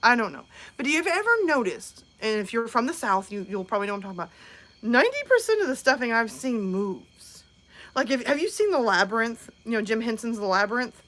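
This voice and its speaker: A woman's voice: on the high side, big pitch swings, fast talker, a bit bright. A woman in her thirties hosting a casual live stream from home, chatting and answering viewers' comments.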